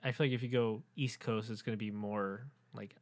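A man's voice: on the low side, fairly even intonation, brisk. A man from California co-hosting a podcast, talking in a laid-back way with joking asides. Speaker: podcast co-host. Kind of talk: casual chat.

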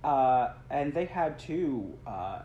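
Here a young stage actor speaks slowly in a mid-range, sing-song voice with a narrow, tinny quality. He rambles earnestly through a casual interview, restarting and laughing softly now and then. The space sounds roomy, with faint noise behind him.

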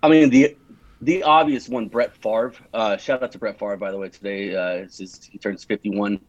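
A man's voice: lowish voice, steady tone, normal speed, no echo. A young man from California in his twenties, chatting as an interview guest, rambling with many restarts and fillers. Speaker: podcast guest. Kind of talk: casual interview chat. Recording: dull lo-fi sound.

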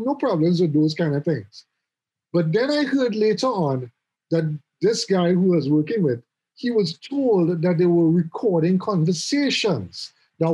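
A middle-aged man chatting casually about his office jobs, telling animated stories and often repeating words as he goes. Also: high-pitched, husky, rough recording. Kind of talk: casual conversation.

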